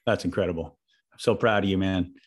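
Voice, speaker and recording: A man hosting a casual heartfelt conversation, affectionate and soft-spoken, pausing often with fillers. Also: low voice, breathy edge. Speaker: host.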